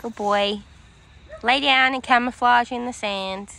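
Woman filming a dog daycare on her phone, slow and cooing, outdoors. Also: a little high, steady tone, vocal fry, bright, forceful tone. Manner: coos and praises dogs in a sing-song voice. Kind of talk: casual vlog narration, talking to dogs. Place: outdoor dog play yard. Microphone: handheld phone camera.

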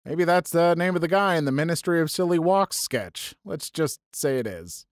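Guy reading reddit-type stories, bouncy lively voice, a bit high, snarky little asides, dry close sound. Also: normal speed, no room sound. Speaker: story channel narrator. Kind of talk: reading online stories aloud.

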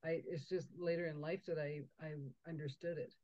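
A woman hosting a conversational interview, telling stories with lively acted-out dialogue. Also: deep voice, normal speed. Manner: animated storyteller, acts out quoted dialogue. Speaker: podcast host. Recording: dull lo-fi audio.

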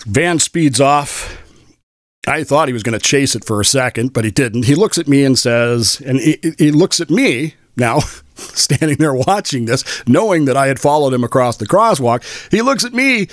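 A man's voice: mid-range voice, lively intonation, normal speed, no room sound, studio quality. An older man hosting his own show, telling a long rambling story with frequent laughs. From Washington State, US. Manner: rambling, amused, laughs often. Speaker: podcast host. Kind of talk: storytelling monologue.

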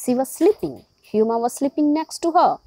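A woman's voice: high voice, moderate pace, mellow, dry recording, low-quality recording. A woman teacher reading a story to a class and explaining it with questions.

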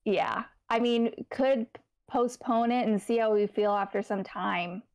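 A woman co-hosting a casual book club livestream, thinking aloud with pauses and ums. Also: fairly high pitch, a little mellow.

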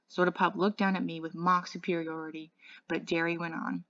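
A woman reads a novel aloud at a steady pace in a fairly low voice, with small slips and restarts. The recording is dry and slightly dull, like a modest home setup. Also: a little fast, no room sound. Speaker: English tutor.

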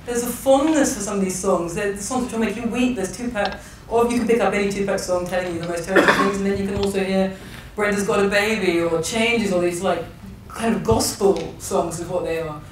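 With a steady mid-range voice, the English novelist guest, a woman in her thirties, speaks fairly quickly with hardly any pauses, yet still thoughtfully and hesitantly, with frequent restarts. The public conversation is captured from a distance in a large echoey hall, with background noise.

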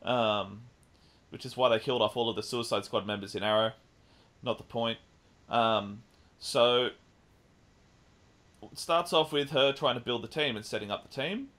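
A man co-hosting a podcast, casually recapping a film with lively retelling and the odd swear. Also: medium pitch, normal speed, long pauses. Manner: animated retelling with swearing and mimicked lines. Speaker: podcast co-host. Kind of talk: casual chat, film review.

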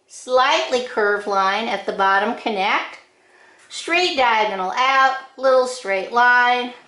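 Woman, drawing teacher, fairly high voice, unhurried step-by-step delivery, echoey room. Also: bright, forceful tone. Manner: slow, patient, gives short drawing directions one step at a time.

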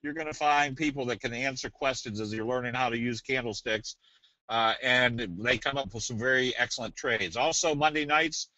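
A man presenting a trading webinar in a casual, folksy way, slipping in jokes and a sales pitch. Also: normal speed, sharp tone, dry recording. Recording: dull, dry webinar audio.

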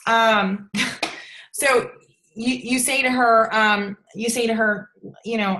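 A woman's voice: on the high side, steady tone, slow, pauses often, bright, forceful tone, low-quality recording. A woman giving casual coaching to a sales team over a livestream, chatty and bubbly, often checking in with "okay?".

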